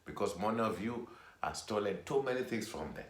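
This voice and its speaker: Deep-voiced man ranting in an echoey room. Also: brisk. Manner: animated, repetitive, emphatic. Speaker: vlogger. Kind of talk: casual opinion monologue.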